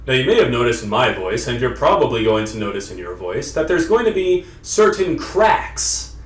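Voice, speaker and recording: A man giving an emphatic, lecturing explanation to camera as a self-improvement vlogger. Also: mid-range voice. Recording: roomy sound, distant from the mic.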